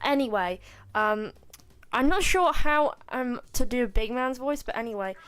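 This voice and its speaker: A woman's voice: a little high, expressive, normal speed, a bit bright, smooth. A woman casually commenting over gameplay, rambling and joking with mock boasts and internet slang aimed at her chat. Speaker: gaming video host.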